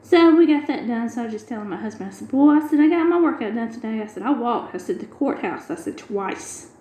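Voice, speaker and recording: A woman's voice: fairly high pitch, animated, fast talker, warm tone, echoey room, poor audio. A middle-aged woman, chatting casually and retelling a long everyday story with quoted dialogue. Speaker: craft video host. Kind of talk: casual chat while diamond painting.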